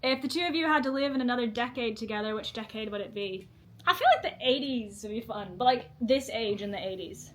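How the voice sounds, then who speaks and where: A woman's voice: on the high side, quick pace, a bit bright. A woman co-hosting a casual Q&A chat, reading out viewer questions in a bubbly, giggly way.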